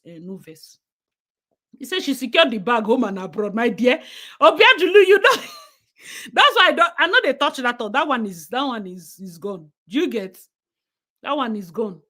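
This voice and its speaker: Young Nigerian woman, livestream host, slightly high voice, blunt and outspoken. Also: a bit bright. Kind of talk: casual livestream commentary.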